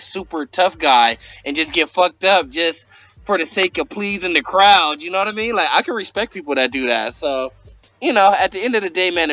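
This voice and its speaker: Bright, high-voiced man, dry sound. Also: poor audio. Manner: loose, filler-heavy storytelling. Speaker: host. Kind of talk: casual profane chat.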